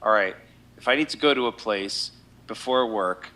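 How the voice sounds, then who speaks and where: A man's voice: on the low side, normal speed, pushed and bright. A man co-hosting a comedy podcast over a Skype call, chatting casually and making laid-back, profane asides. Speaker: podcast co-host.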